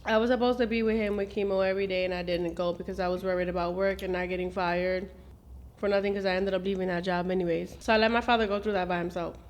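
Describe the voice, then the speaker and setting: A woman's voice: on the low side, fairly even intonation, fast talker. A middle-aged mother talking through family memories, switching into Spanish and acting out what people said. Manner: switches into Spanish, acts out quotes. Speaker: mother and host. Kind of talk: emotional family reminiscing.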